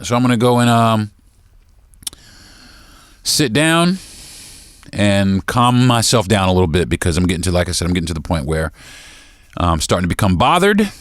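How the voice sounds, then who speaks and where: A man's voice: on the low side, big pitch swings, moderate pace, long pauses, dry recording, clean studio sound. A man hosting his own podcast, delivering a heated opinion monologue straight to his listeners. He repeats words and restarts sentences as he gets worked up. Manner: addresses listeners directly as folks. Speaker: podcast host.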